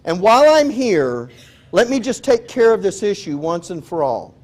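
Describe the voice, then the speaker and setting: A man's voice: high voice, sing-song, moderate pace, darkish tone. A man preaching a conversational sermon in a folksy way, acting out quoted prayers and asides. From Texas.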